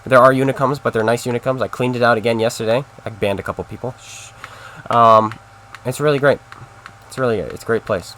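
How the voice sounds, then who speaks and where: A man's voice: mid-range voice, steady tone, fairly quick, fairly bright tone, a little hiss or hum. A man casually talking to his stream chat while playing a game, in a rambling, chatty way. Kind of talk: casual live-stream commentary.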